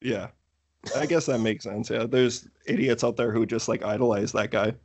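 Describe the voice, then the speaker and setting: A man hosting a podcast, asking questions in a relaxed, agreeable way. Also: mid-range voice, moderate pace, husky. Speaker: podcast host. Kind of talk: casual podcast chat.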